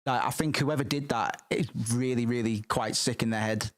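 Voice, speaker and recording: A man streaming casually and reacting to music, rambling and excitable, with frequent swearing. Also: medium pitch, moderate pace.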